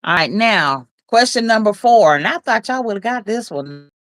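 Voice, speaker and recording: A woman's voice: medium pitch, lively intonation, normal speed, a bit bright, dry recording. A woman hosting a casual livestream, reading viewers' comments aloud, teasing them and laughing often. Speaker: livestream host.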